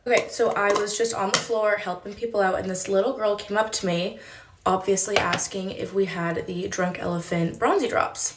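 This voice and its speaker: A woman's voice: mid-range voice, slight background noise. A woman tells a storytime vlog about her old store job, chatty and full of "like" fillers. She acts out the voices of the people she quotes. The sound is roomy and echoey. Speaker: former beauty store employee.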